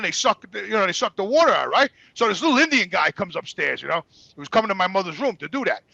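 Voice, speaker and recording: A middle-aged man telling stories as a guest, profane, heated and animated. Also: high-pitched, dry recording, rough recording. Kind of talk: casual storytelling.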